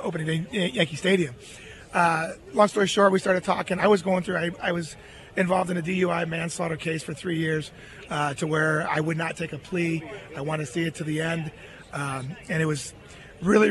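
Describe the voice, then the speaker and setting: A middle-aged man, an interview guest, telling a long personal story in an earnest, animated way. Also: fairly high pitch.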